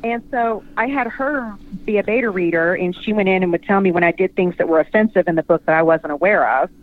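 A woman author chatting casually, often pausing to search for words. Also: mid-range voice. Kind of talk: casual call-in chat. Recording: tinny phone line.

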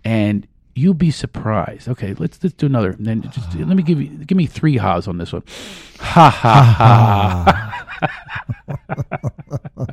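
A middle-aged man as a talk-show guest, calmly guiding listeners through a laughter and breathing exercise and often breaking into giggles. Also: fairly low pitch, fairly quick, husky, no room sound. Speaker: guest, laughter and life coach.

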